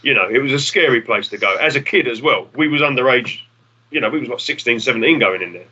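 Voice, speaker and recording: A man's voice: medium pitch, lively intonation, fast, sharp tone, breathy edge, lo-fi sound. A man, a musician guest rambling through stories, swearing casually and acting out the people in them. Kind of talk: casual storytelling.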